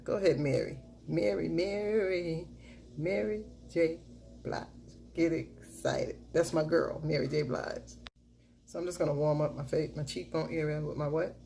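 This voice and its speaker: Low-voiced chatty woman doing her makeup. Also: a little slow, gravelly, mellow, slight background noise. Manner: chatty, repeats catchphrases and cheers herself on. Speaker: makeup vlogger. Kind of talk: casual makeup tutorial chat.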